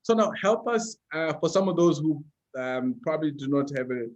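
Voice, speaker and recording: A man's voice: on the high side, expressive, moderate pace, dull audio. A man hosting a podcast interview, affirming his guest and asking questions with frequent fillers. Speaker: podcast host.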